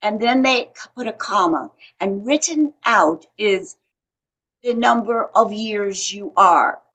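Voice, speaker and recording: A woman's voice: mid-range voice, expressive, slow pace, fairly bright tone. A woman in her eighties, a veteran actress, chatting as an interview guest and telling stories with frequent restarts. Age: 80s. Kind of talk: casual interview chat.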